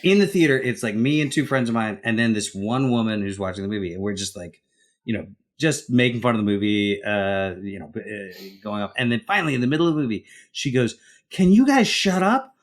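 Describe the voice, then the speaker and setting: A man's voice: lowish voice, fast talker. A man co-hosting a podcast, telling loose, self-mocking stories in casual chat. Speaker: podcast co-host.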